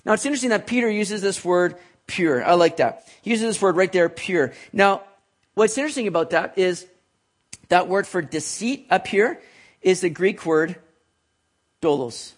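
A man delivers a sermon in a relaxed, conversational way. His voice sits high for a man, and he drops in little jokes and asides to people in the room as he teaches. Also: normal speed. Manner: conversational, jokes with listeners, writes on a board. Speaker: preacher.

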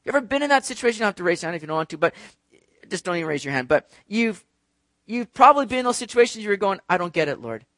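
A man preaching a sermon in an animated way, swinging between loud and soft, and speaking directly to his congregation. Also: high-pitched, rapid-fire, no echo. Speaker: pastor.

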